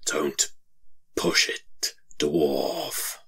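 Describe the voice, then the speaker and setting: Slow, deep, breathy dragon. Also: male voice, steady tone, a bit bright, full character voice. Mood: scornful. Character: huge menacing male dragon, cold and threatening.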